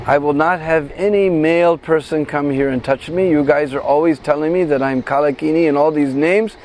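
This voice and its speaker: A man voicing a proud, stubborn young noblewoman who speaks firmly and haughtily, slightly lower than his narration. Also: a little mellow, a little hiss or hum, natural voice. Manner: firm, haughty, slow.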